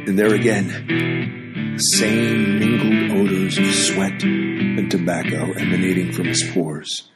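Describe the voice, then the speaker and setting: A man narrating a scripted memoir in a dry, wry storytelling manner. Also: low-pitched. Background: guitar music.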